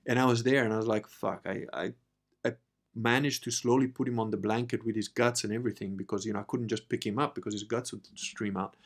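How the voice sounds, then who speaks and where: A podcast host from Italy talks fast in a lowish voice while telling a personal story. His delivery is casual and animated, full of profanity, and moves between soft asides and sudden loud bursts.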